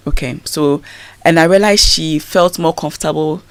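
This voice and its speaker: A woman's voice: sits low, moderate pace, no echo. A woman, a guest telling a personal story in a radio interview, acting out what people said. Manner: animated storyteller acting out quoted speech.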